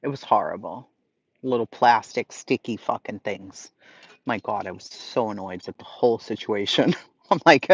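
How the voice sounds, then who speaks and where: A man hosting a casual livestream, chatting to viewers in an excitable way and swearing freely. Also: mid-range voice, normal speed, slightly rough, no room sound, lo-fi sound. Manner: profane, excitable, talks to chat. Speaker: livestream host.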